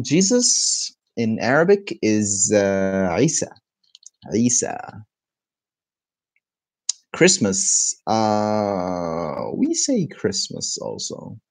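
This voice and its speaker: An Egyptian man teaches in a laid-back live stream, answering viewer comments as he goes. He sounds tired, and he speaks slowly in a lowish voice. The recording is dry and close, with no room sound. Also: no room sound. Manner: relaxed, chatty, reads viewer comments aloud. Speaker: Arabic teacher. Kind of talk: casual live-stream lesson.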